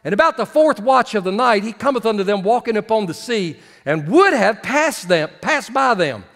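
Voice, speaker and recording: A man's voice: high-pitched, big pitch swings, normal speed, fairly bright tone. A man pastor preaching a sermon, reading scripture and calling out to his congregation. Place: church sanctuary. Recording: long reverb of a church hall.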